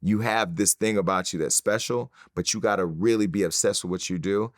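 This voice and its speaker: Middle-aged guy spinning a story in an interview, low voice, swears a lot, super animated, dry room sound. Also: brisk, no echo. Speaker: interview guest.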